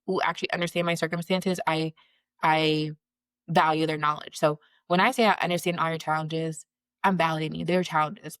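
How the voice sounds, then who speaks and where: A woman's voice: lowish voice, no echo. A woman in her thirties, a career coach hosting her own show, talking earnestly and repeating phrases for emphasis. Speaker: career coach and podcast host. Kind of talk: motivational solo talk.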